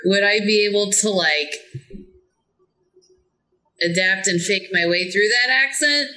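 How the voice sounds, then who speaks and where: A woman's voice: mid-range voice, a little slow, bright, forceful tone, low-quality recording. A woman from the American South playing a tabletop game, chatting casually and laughing often. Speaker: player.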